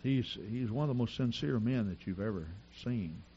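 A middle-aged man preaching a sermon, telling stories in an animated, repetitive way with frequent restarts. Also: medium pitch, normal speed, breathy edge, dull audio. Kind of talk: sermon with storytelling.

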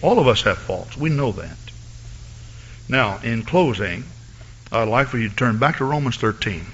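A man preaches a sermon, reading scripture slowly before climbing into fervent, shouted calls to his listeners. His voice has a bright edge. The recording sounds dull and lo-fi, like an old church tape. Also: lively intonation, slightly rough. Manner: builds from a low, measured reading of scripture to loud shouted exhortation.

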